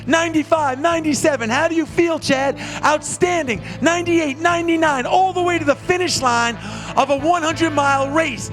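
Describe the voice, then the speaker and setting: A man with an unusually high voice tells a motivational story from a stage. He speaks with energy and builds rhythm by repeating phrases. Faint music plays behind him. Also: fairly quick. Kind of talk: storytelling keynote speech.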